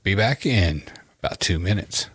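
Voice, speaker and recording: A man's voice: low voice, lively intonation, moderate pace, fairly bright tone, husky, no echo. A man hosting a paranormal podcast, cracking jokes and leading into the break. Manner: joking, leads into breaks. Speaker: podcast host. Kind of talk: casual chat.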